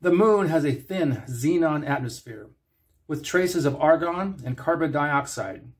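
A man voicing a calm and logical male alien science officer who speaks in a flat, precise way, in a fan story reading. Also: fairly high pitch, a little slow. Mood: dry.

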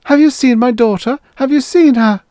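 A man's voice: very high-pitched, normal speed, mellow, dry recording, clean studio sound, pitched above the performer's own voice. A man voicing a frantic mother anxiously searching for her daughter. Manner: anxious, calling out.

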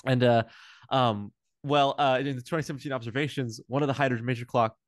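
A playful man tells stories in an animated, casual way. His voice sits in an ordinary middle range and is recorded dry and close, with no room sound. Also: mid-range voice, quick pace, no room sound. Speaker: astronomy researcher. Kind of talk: casual conversation.

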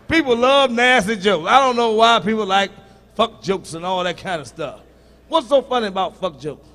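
A male stand-up comedian performing a profane set, teasing the audience and shouting punchlines at them. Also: high-pitched, lively intonation, unhurried, creaky.

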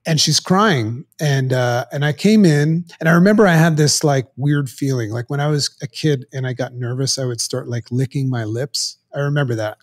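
Earnest man telling a personal story. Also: medium pitch. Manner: earnest, halting, with many restarts. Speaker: podcast guest.

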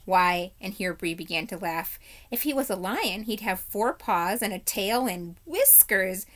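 A woman's voice: mid-range voice, animated, a little slow, a bit bright. A woman voicing a vain, pompous male warhorse in a storybook, speaking in a superior, fussy tone a little above her own voice. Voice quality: fussy, haughty, hesitant.

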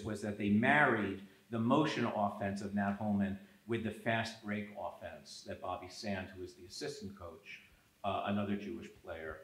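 A man with a lowish voice speaks as an author at a public event, telling stories and slipping into lively quoted asides. His voice rings in an echoey event hall. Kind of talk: conversational talk at a public event.

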